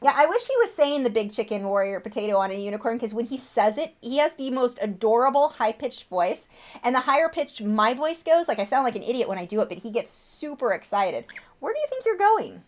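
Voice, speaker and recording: A woman's voice: on the high side, animated, fairly quick. A woman in her thirties, an artist chatting casually on her livestream, answering viewer questions and cooing at her pet bird.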